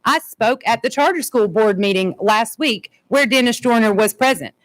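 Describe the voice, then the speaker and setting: High-voiced mother making a pointed public comment. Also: normal speed, rough recording. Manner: firm, pointed, rhetorical questions. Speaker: parent giving public comment. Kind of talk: unscripted public comment speech. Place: public board meeting.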